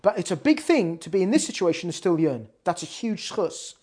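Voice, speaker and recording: A woman's voice: on the low side, sing-song, brisk, warm tone, husky. A woman giving a weekly Torah class on prayer, talking emphatically with frequent restarts. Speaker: Torah teacher.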